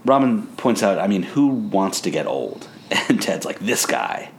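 Deep-voiced man with wry, lively delivery. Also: moderate pace, a little hiss or hum. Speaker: podcast co-host. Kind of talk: casual recap chat.

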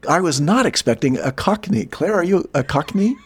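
A man's voice: a little high, lively intonation, normal speed, husky. A man hosting a comedy podcast, interviewing his guest in a dry, faux-formal manner. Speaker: host. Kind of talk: improvised comedy podcast bit.

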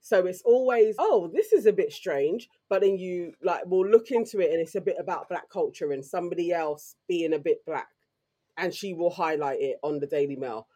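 A woman with a London accent, co-hosting a podcast and telling stories in a lively, slangy way. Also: fairly low pitch, a little fast. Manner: animated, slangy storytelling. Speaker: podcast co-host. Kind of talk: casual chat.

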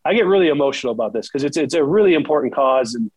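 A man's voice: on the high side, lively intonation, racing, slightly rough, no room sound, rough recording. Earnest man with a dry close sound. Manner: earnest, heartfelt, repeats words when moved. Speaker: shoe salesperson. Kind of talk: emotional conversational interview.

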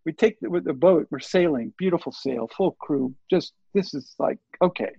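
An older man tells a rambling story as an interview guest, slipping into the voices of the people he quotes. His voice sits a little high, with a gravelly, breathy rasp. The sound is dry and dull, like a lo-fi recording. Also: normal speed, no room sound. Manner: rambling, animated, acts out quoted dialogue. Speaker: interview guest, surf filmmaker. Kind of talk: casual storytelling. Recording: dull lo-fi audio.

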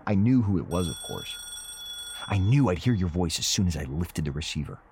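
Nervy cranky husband, middle-aged, very low voice, old radio drama. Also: male voice, big pitch swings, fairly quick, a little mellow, slight background noise. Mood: brooding. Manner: tense, brooding, defensive. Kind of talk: old-time radio drama acting and narration.

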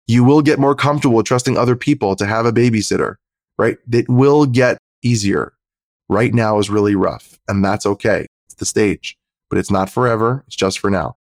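A man's voice: fairly low pitch, moderate pace, dry recording, studio quality. A man on a podcast giving earnest, practical relationship advice as a therapist guest.

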